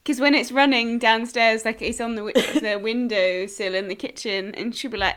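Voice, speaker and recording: Giggly woman with a bright voice. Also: on the high side, moderate pace, hardly any pauses, clear, resonant tone. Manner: giggly, animated storyteller. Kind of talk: casual podcast chat.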